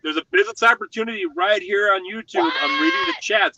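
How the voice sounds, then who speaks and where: A man from the United States chatting on a livestream panel, excitable and often repeating himself. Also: high voice, quick pace, gravelly, muffled recording, slight background noise. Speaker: panel member. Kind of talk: casual chat on a livestream panel.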